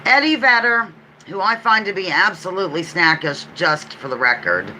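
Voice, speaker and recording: Woman, Pennsylvania accent, live trivia host. Lively, animated delivery, chatty and self-correcting. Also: fairly low pitch, a little hiss or hum, poor audio. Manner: chatty, self-correcting, repeats clues slowly. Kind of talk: casual live trivia chat.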